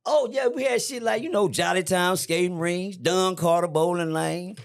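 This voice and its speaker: Fifties man, raised pitch, playful and digressive, slangy podcast storyteller. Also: moderate pace, vocal fry. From Fort Worth, Texas. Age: 50s. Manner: teasing, rambling storyteller with slang. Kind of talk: casual chat. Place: indoor podcast room.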